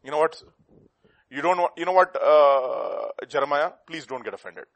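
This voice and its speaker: A man preaching a sermon, swinging between loud bursts and hushed asides. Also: fairly high pitch, normal speed, dry recording.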